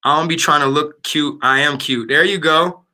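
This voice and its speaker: A man's voice: a little high, moderate pace, bright, forceful tone. A man hosting a live stream, chatting casually and playfully with his viewers in slangy talk. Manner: playful, slangy, talks to the chat. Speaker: livestream host.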